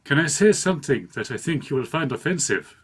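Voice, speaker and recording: A woman voicing a forward, crude young man with a deliberately put-on Indian accent, speaking bluntly and matter-of-factly. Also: sits low, slightly rough, voice pushed up, heavily acted. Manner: blunt, flat and matter-of-fact. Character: forward, crude young-adult man who propositions strangers.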